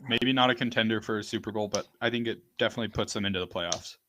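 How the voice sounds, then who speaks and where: A man in a casual sports chat, laying out his points in a measured way. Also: lowish voice, noisy background. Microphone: online call.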